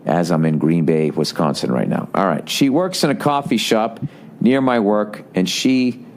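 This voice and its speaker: Boston guy in his 40s ranting on his podcast, swears a lot, sarcastic, reading emails out loud, bit of hiss behind him. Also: lowish voice, normal speed. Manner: profane, sarcastic, animated ranting; reads listener emails aloud with running commentary. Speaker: podcast host. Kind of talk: rambling comedic monologue.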